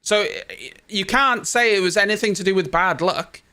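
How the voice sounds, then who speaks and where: A young man reacting live to a race, ranting with exasperation and dropping casual swears. His voice sits a little high and has a bright, forceful edge. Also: lively intonation, moderate pace. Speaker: host of a race watchalong.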